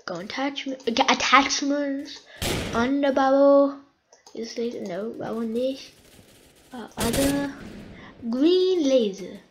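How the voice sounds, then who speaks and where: A woman giving casual, excitable commentary while playing a shooter game, pleading with the game and cheering her kills. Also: high voice, slow pace, pauses often, noisy background. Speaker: gaming YouTuber.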